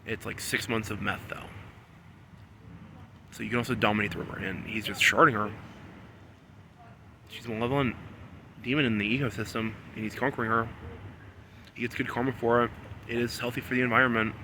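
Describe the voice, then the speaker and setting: A man in a rambling solo monologue, repeating himself and swinging between low muttering and loud, insistent scolding. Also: fairly even intonation, brisk, long pauses, slight background noise. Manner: repetitive, talks about himself in the third person. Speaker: vlogger.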